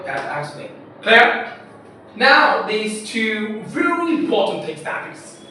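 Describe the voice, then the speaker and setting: A man's voice: sits high, pushed and bright. A man teaching a grammar lesson to a class, repeating points and quizzing his students. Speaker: English teacher. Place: echoey classroom. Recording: echoey room, voice from far off, faint hiss.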